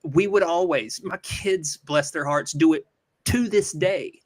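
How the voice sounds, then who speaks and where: Middle-aged male livestream host, earnest and emphatic, fairly high voice, swears when heated. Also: a little slow. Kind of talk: casual call-in livestream chat.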